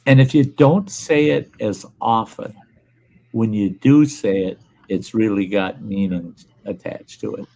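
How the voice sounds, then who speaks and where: A man's voice: fairly low pitch, measured pace, gravelly, mellow, poor audio. An older man, hosting a casual chat and talking bluntly and plainly, swearing freely. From Upper Midwest US. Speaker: livestream host.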